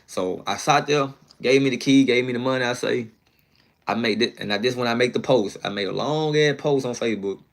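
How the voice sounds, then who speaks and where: A man's voice: mid-range voice, fairly quick. A man telling a long personal story in a casual, slangy, rambling way, often checking in with his listener. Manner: slangy, rambling, fond of "you know what I'm saying".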